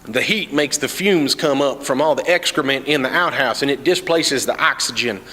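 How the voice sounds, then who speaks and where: A man voicing a big Southern hillbilly soldier who speaks in a slow, earnest, folksy drawl. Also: mid-range voice, sharp tone, big-room sound, lightly acted. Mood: folksy explaining.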